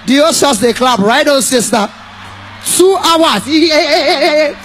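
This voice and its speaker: A man with a Nigerian accent doing stand-up comedy, animated and breaking into song and mock shouting. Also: very high voice, takes it slowly, faint music behind.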